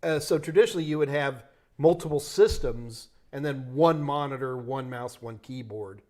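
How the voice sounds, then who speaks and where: A man's voice: medium pitch, normal speed, darkish tone. A man with a New York accent hosting a live tech Q&A stream, talking loosely, joking and thinking aloud with restarts. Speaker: host answering tech questions.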